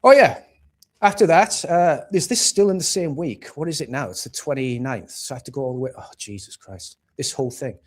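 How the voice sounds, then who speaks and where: A livestream host from England rants bluntly about politics with plenty of profanity in a casual political rant. His male voice is a little high, animated, and a little fast.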